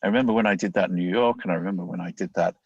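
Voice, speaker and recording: Low-voiced man explaining with animated asides. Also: rapid-fire, breathy edge, dull audio. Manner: animated, acts out inner voices in quotes. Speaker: interview guest, leadership coach. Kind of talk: conversational explanation.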